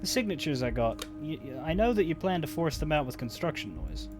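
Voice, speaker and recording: A male streamer reading video game dialogue aloud, halting and stumbling a little over words. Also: a little high, big pitch swings, music in the background.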